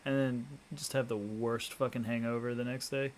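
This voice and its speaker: A man's voice: medium pitch, level tone, normal speed, a little hiss or hum. A man co-hosting a casual chat show, laid-back and rambling with many fillers. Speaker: podcast co-host.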